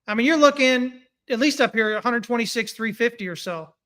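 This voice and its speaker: A man's voice: very high voice, brisk. A man giving casual live-stream commentary on price charts, reading viewer comments as he goes. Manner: animated, talks through charts, reads viewer comments. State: hiccuping. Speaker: market analyst streaming chart analysis.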